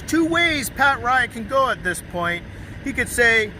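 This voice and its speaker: An interviewee spins an animated, mocking story with heavy emphasis. His voice is very high for a man and bright. He talks in a lively, scornful way. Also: unhurried, a little hiss or hum, rough recording.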